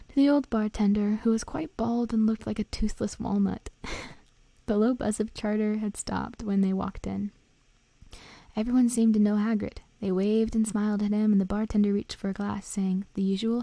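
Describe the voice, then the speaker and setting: A woman narrating a storybook in a gentle, half-whispered read-aloud, close to the mic. Her voice is gravelly with a mellow, dark tone. The room sounds dry. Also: medium pitch, no room sound. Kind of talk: soft storybook reading aloud, partly whispered.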